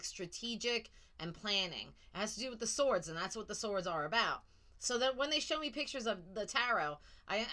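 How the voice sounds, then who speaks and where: A woman's voice: medium pitch, pushed and bright. A woman giving a casual tarot reading to viewers, blunt and sassy, swearing now and then. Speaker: tarot reader. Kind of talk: casual psychic reading monologue.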